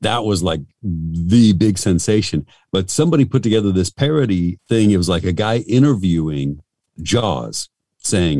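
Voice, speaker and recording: Deep-voiced, chatty middle-aged man. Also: animated, a little slow, darkish tone, no echo, studio quality. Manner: rambling, chatty, self-deprecating with many restarts. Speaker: radio host and voice actor. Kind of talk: casual interview storytelling.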